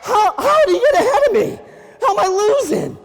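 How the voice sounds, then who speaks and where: Guy doing a high bouncy bragging bunny, storybook style, echoey room. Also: animated, moderate pace, creaky, heavy background noise. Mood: panicked. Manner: bragging, squeals when panicked. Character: boastful speedy male rabbit, cocky. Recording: echoey hall.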